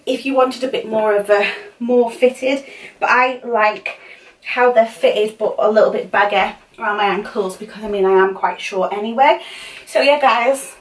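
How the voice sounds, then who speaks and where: A young woman chatting casually in a fashion haul, gushing and repeating herself with lots of fillers. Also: on the high side. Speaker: fashion vlogger. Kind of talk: casual try-on haul chat. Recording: voice somewhat far from the mic.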